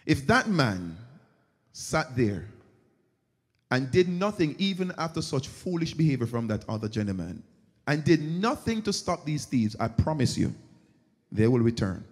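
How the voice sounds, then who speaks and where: With an unhurried, husky, mid-range voice, a pastor delivers a sermon by animatedly telling stories and acting out the characters. It's recorded in a church sanctuary with long reverb.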